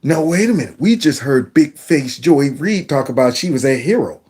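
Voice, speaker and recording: A man's voice: a little high, lively intonation, moderate pace, heavy background noise. A man giving casual, folksy commentary as he reacts to news clips and talks back to them.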